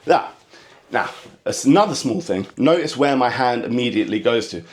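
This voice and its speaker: A man with an English accent, telling a comic story in a quick, animated monologue. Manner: animated storytelling, bursts into high mock voices; fast, impatient talker. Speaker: stand-up comedian. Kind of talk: comedic monologue.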